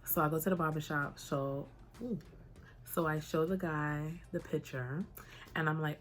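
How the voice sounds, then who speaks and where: Young woman vlogging, low voice, chatty and animated, just telling a story to camera. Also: moderate pace.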